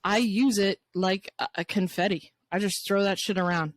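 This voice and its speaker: A woman's voice: mid-range voice, steady tone, moderate pace, dry recording, clean studio sound. Frank, foul-mouthed woman chatting. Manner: frank, swears freely. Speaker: co-host. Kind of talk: casual podcast chat.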